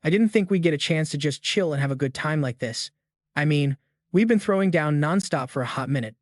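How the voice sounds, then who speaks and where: A man voicing a calm, blunt young man who gives compliments in a matter-of-fact way. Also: fairly high pitch, brisk, no echo, clean studio sound, close to an everyday voice.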